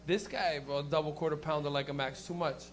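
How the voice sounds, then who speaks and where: A man's voice: on the high side, steady tone, a little fast. Crude rambling male comedy host. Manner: crude, rambling, swears a lot. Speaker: comedy show host and comic. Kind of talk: stand-up and crowd work. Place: small comedy venue with a live audience.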